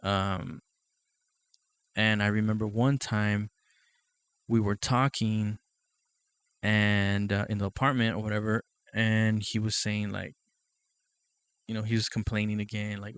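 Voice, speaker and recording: A man's voice: fairly low pitch, flat delivery, a little slow, pauses often, fairly bright tone, clear, resonant tone, dry recording. Casual, rambling podcast host man. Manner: profane, rambling, leans on "you know what I mean"; laughs often between thoughts. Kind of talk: casual monologue.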